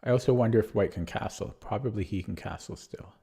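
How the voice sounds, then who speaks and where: A man streaming chess puzzles, thinking aloud with a husky, strained voice, often correcting himself. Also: lowish voice, dark tone. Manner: muttering, self-correcting, quick laughs.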